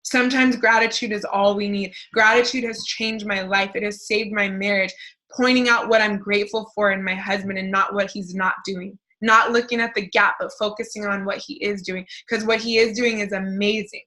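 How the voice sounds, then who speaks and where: Casting note: a woman coach in her thirties, bright, lively, chatty motivational talk. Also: medium pitch, poor audio. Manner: casual, quick, chatty, many fillers and restarts. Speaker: life coach.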